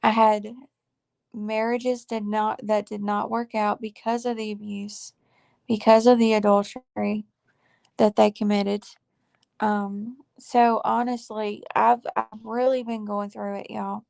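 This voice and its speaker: A faith vlogger in her forties shares a heartfelt testimony with her viewers, earnest and confiding, close to tears, halting with fillers and saying "y'all." Her voice sits at a medium pitch with little movement, a darkish tone, and some vocal fry.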